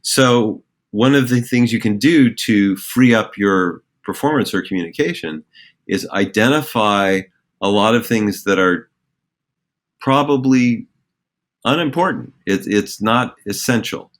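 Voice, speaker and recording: A man's voice: on the low side, expressive, measured pace. A middle-aged man, a theater director, explaining acting ideas in a reflective, rambling way with many fillers and restarts. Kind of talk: conversational podcast explanation.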